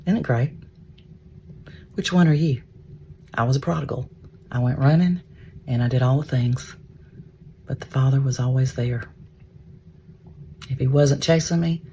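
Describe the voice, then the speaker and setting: Brief: mellow, gravelly male storyteller, chatty devotional retelling. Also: medium pitch, moderate pace, long pauses, slight background noise. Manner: conversational, repeats words, drops into hushed whispers. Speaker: Christian storyteller.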